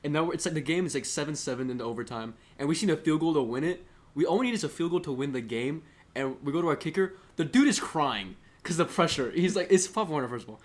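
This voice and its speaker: A man's voice: fairly high pitch, lively intonation, fast. A young man co-hosting a casual podcast, rambling through sports stories, swearing and acting out what people said. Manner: rambling storyteller, swears, voices quotes. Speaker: podcast co-host. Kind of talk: casual chat.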